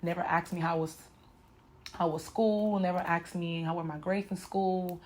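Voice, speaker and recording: A woman's voice: on the low side, steady tone, moderate pace. A woman in her twenties telling a painful personal story to her viewers, frank and emotional, often addressing them directly. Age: 20s. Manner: emotional, frank, talks straight to viewers with "y'all" and "you know". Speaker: vlogger. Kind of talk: candid personal story told to camera.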